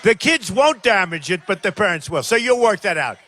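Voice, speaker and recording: A man's voice: high-pitched, sing-song, brisk, pushed and bright. An older man giving a rambling campaign rally speech, repeating himself and talking straight to the crowd. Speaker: political candidate. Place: large rally crowd by a plane.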